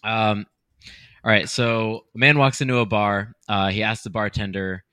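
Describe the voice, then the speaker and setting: An easygoing man with a bright, clear voice who jokes and laughs along in casual chat. The sound is dry and close to the mic. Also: fairly low pitch, fairly even intonation, moderate pace, no echo.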